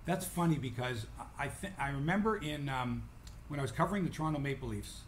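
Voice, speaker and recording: A man's voice: medium pitch, expressive, quick pace, a little hiss or hum. A middle-aged man co-hosting a podcast, telling a story in casual chat and acting out the announcers and other voices. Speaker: podcast co-host.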